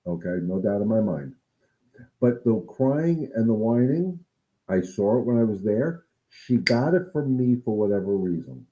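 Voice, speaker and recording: A dog trainer with a fairly low voice answers viewer questions in a casual livestream Q&A, sounding earnest and coaching. The audio is narrow and tinny.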